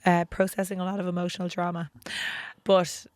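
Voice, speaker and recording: A woman's voice: on the low side, level tone, brisk, darkish tone, dry recording. A young Irish woman co-hosting a podcast, frank and self-mocking in a casual chat. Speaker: podcast co-host.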